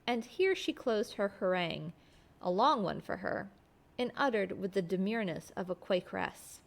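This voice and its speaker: A woman storyteller reading a classic novel aloud in a steady, expressive way. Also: medium pitch, normal speed, vocal fry.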